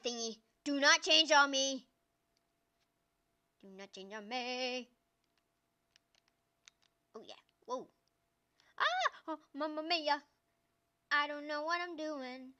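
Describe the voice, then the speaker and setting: High, bright-voiced excitable woman gamer. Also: clean tone. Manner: excitable, squealing and cheering at the screen. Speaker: gaming channel host. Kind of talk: excited gameplay commentary.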